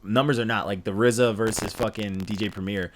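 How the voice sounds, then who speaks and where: A man co-hosting a podcast, chatting casually about rap albums, animated and laughing often, swearing freely. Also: on the low side, brisk. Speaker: podcast co-host. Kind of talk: casual music review chat.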